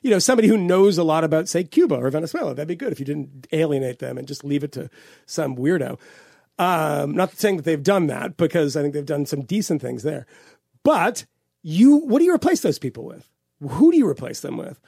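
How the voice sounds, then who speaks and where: A man co-hosting a political podcast, talking in an animated, rambling way with lots of swearing and restarts. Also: fairly high pitch, a little fast, gravelly, slightly rough, no room sound, clean studio sound. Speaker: podcast co-host. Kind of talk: casual political chat.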